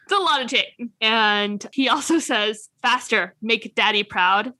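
Bright, dry-sounding woman co-host. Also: a little high, a little slow, dry recording. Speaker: podcast co-host. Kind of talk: casual chat recapping a TV episode.

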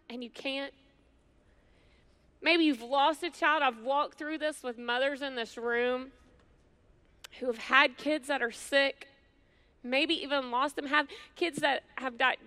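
A middle-aged woman preaching a sermon to women, earnest and conversational, with slow, emphatic pauses. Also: high-pitched, sharp tone. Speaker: women's ministry speaker.

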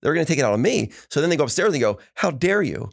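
A man hosting a casual podcast, telling animated stories and acting out the quotes of the people in them. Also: fairly high pitch, rapid-fire, gravelly. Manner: animated storytelling with acted quotes. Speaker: podcast host.

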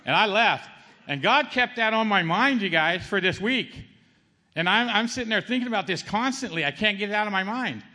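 A man's voice: sits high, animated, a little fast, sharp tone, long reverb tail. A middle-aged man giving a spoken church testimony in a conversational way, often asking the audience "okay?" and calling them "man". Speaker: testimony speaker.

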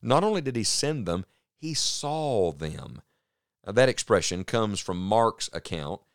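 A man preaching a sermon on the radio, earnest and emphatic, slowing down to stress key phrases. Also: on the low side, lively intonation, clean tone, dry recording, studio quality.

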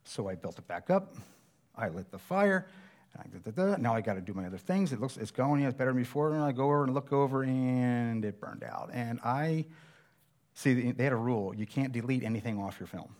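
A man's voice: mid-range voice, fairly quick, a little mellow. A middle-aged man preaching a sermon, telling a personal survival story in a conversational, self-deprecating way.

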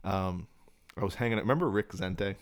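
Casting: deep-voiced man, loose rambling storyteller, swears a lot. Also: a little fast. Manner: rambling, swears freely, laughs through stories. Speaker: podcast co-host. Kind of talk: casual late-night chat, storytelling.

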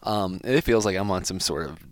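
A man's voice: deep voice, fairly quick, dry recording. A man hosting a casual interview, asking hesitant, rambling questions. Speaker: podcast host.

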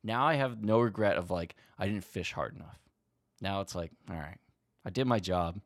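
A man co-hosting a podcast, telling a long story in an animated way and swearing freely. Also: deep voice, moderate pace, dry recording, clean studio sound. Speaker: podcast co-host. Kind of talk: casual storytelling chat.

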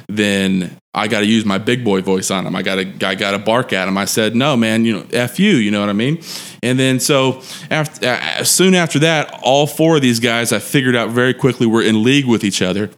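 A man's voice: on the low side, a little fast, a bit bright. Man, thirties, casual storytelling, rambling, swears a lot. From Texas. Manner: rambling, profane, laughing often. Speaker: podcast guest.

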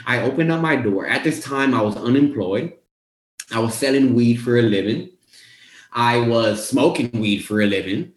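Young male motivational coach, casual storyteller who acts out his own past lines, mid-pitched, recorded in a roomy space. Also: animated, normal speed. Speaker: weight-loss coach. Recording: roomy echo.

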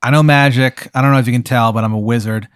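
A man's voice: medium pitch, steady tone, fast, clean tone, dry recording, studio quality, lightly acted. A man voicing a laid-back, evasive male wizard with a terrible put-on accent, rambling and offhand.

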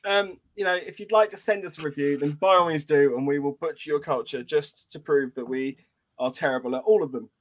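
A man from England co-hosts a loose, jokey podcast with a somewhat high voice. He laughs easily, reads listener messages out loud and drifts between topics in a relaxed, chatty way. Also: brisk. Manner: laughs a lot, reads listener comments aloud. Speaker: podcast co-host. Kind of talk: casual podcast chat.

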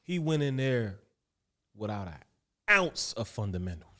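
A man's voice: mid-range voice, a little slow. A man in casual chat, talking emphatically and with a lot of profanity. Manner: emphatic, profane, animated storytelling.

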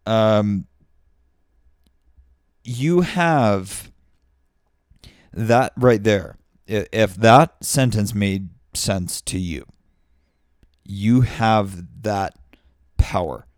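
A man's voice: lowish voice, expressive, very slow, long pauses, no room sound, studio quality. A man hosting his own show in a casual monologue, rambling and swearing freely, restarting his sentences and laughing often. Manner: rambling and profane, many restarts and frequent laughter. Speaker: podcast host.

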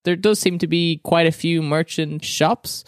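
A man's voice: a little high, steady tone, a little slow, smooth, dry recording, clean studio sound. A man narrating a tabletop role-playing game as game master, chatty and laughing.

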